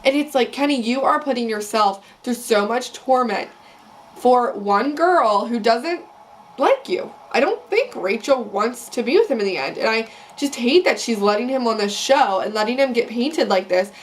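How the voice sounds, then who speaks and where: A woman's voice: a little high, expressive, normal speed, slight background noise. A young woman vlogging, casually and heatedly sharing her opinions in a rambling rant. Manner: opinionated, ranting. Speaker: vlogger recapping a reality show. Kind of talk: casual chat.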